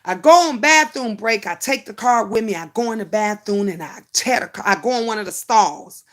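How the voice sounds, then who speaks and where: A woman's voice: medium pitch, expressive, a little fast, few pauses, fairly bright tone. A middle-aged woman hosting a livestream, telling a personal story to her viewers in a chatty, emotional way and calling them honey. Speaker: YouTube livestream host.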